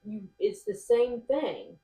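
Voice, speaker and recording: A woman's voice: mid-range voice, expressive, slow, warm tone, distant mic. A woman co-hosting a chat podcast, talking in an earnest, reassuring way and stressing her points. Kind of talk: casual chat. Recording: roomy sound from off mic.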